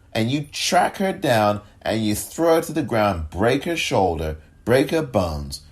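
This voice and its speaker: A man giving impassioned political commentary, angry and sarcastic, often rising in pitch as he rants.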